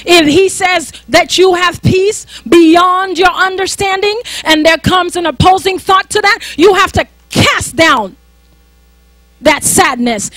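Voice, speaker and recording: A woman's voice: extremely high pitch, slow pace, a bit bright, no room sound, soft background music. A woman minister preaching a sermon in an emphatic, conversational way, often repeating herself.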